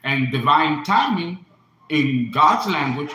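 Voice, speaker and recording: A man in his fifties pours out an earnest, impassioned monologue, his pitch swinging widely as he talks. His tone is bright and forceful, and he often circles back to repeat himself. The voice rings in an echoey room. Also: lively intonation, slow, a little hiss or hum. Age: 50s. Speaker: astrologer and occult teacher. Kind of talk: emotional personal monologue.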